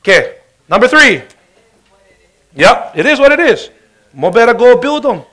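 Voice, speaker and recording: A man giving an energetic, joking motivational sales talk. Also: extremely high pitch, measured pace. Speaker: business presenter.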